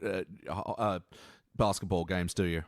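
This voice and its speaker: A man's voice: deep voice, normal speed, dry recording, clean studio sound. A man chatting casually on a podcast panel, reviewing cartoon episodes and jumping into quoting scenes. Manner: animated, jumps into quoting scenes.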